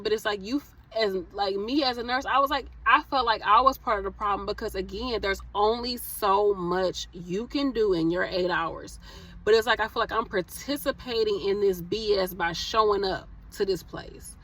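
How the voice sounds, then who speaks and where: A young Southern woman who works as a nurse rants emotionally to her viewers on camera, passionate and preachy, addressing them as y'all. Her voice is mid-range and a little bright.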